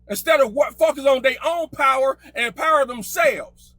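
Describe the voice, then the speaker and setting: High, sharp-voiced man arguing loudly. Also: normal speed, no room sound. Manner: loud, combative, repeats himself. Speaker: participant in an online group call. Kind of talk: heated argument.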